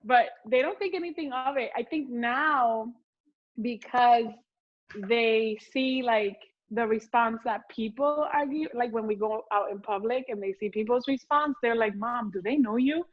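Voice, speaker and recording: Excited woman guest, high voice, loud and animated, slightly muffled call audio. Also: measured pace. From Puerto Rico heritage. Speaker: guest, home cooking video creator. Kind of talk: casual chat.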